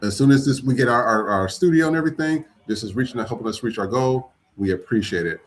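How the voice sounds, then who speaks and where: A man's voice: medium pitch, fast. A man hosting a podcast, talking casually and loosely with the audience and swearing now and then. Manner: loose, chatty, casual cursing. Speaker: podcast host.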